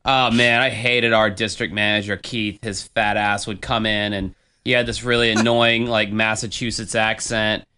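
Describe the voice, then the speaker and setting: A man's voice: fairly low pitch, level tone, moderate pace, hardly any pauses, bright, forceful tone, smooth. A man co-hosting a casual podcast chat, venting bluntly with plenty of swearing. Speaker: podcast co-host.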